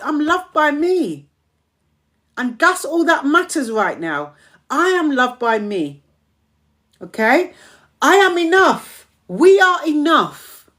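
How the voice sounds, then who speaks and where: A woman's voice: high voice, fairly bright tone. Emphatic woman hosting an affirmation stream. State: strained voice. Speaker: community host of a live stream. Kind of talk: motivational live-stream talk.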